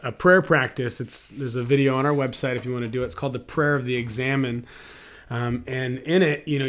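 A man preaching a sermon, reflective, mixing scripture with a family story and rhetorical questions to the congregation. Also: medium pitch. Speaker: pastor.

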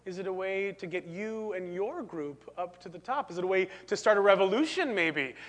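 A man's voice: high-pitched, animated. A man doing a suspicious squinting philosopher. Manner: quiet drawn-out hums, probing skeptical questions. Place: church. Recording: long reverb of a church.

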